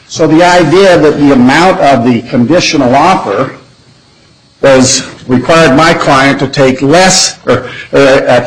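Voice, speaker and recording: A man speaking as an attorney in an appellate oral argument, measured and deliberate, often restarting his phrases. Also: fairly high pitch, low-quality recording.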